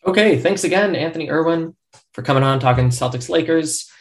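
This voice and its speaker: A man's voice: fairly high pitch, fairly quick. A man hosting a casual sports podcast, laughing often and keeping the banter upbeat. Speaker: podcast host.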